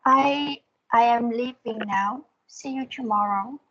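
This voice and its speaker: A woman with a Vietnamese accent, a student in an English lesson, hesitantly reads her answers and carefully repeats words after her teacher. Her voice is on the high side, slow, bright and forceful. The audio is dull, with a little hiss or hum.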